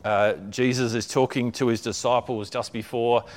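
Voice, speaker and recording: A man's voice: medium pitch, flat delivery, normal speed. A man preaching a conversational sermon, often checking in with his listeners and repeating words as he builds a point.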